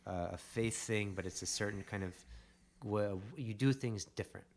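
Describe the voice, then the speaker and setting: Male podcast guest, low register, rambling animated storyteller. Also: normal speed. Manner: animated, rambling, with emphatic bursts.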